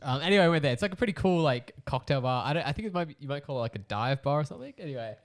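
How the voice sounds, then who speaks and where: Fast-talking young Australian man. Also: a little high, lively intonation. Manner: rambling, full of "like" fillers. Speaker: podcast co-host. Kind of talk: casual chat.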